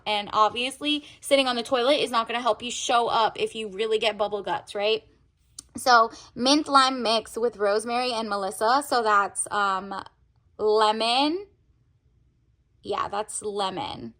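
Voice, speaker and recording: A woman's voice: a little high, a little slow, fairly bright tone. A woman giving a casual tarot reading, chatty and rambling with lots of filler words. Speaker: tarot reader.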